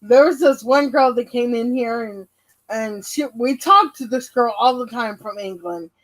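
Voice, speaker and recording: A woman's voice: on the high side, a little slow, a bit bright, rough recording. A woman hosting an online interview, playful and giggly. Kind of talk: casual online interview chat.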